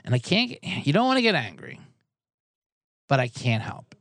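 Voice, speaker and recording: A man hosting a podcast in a casual comedic rant, exasperated and sarcastic, rambling with quick asides. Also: high-pitched, wildly swooping pitch, no room sound, clean studio sound. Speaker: podcast host.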